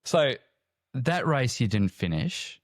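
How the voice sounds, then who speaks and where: A man hosting a podcast interview, asking measured, prompting questions. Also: medium pitch, sing-song, dry recording, clean studio sound.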